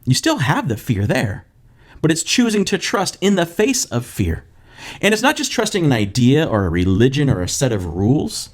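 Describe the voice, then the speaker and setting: Lively, animated young male pastor. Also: mid-range voice, normal speed. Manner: animated storyteller, acting out quoted voices. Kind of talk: casual sermon to camera.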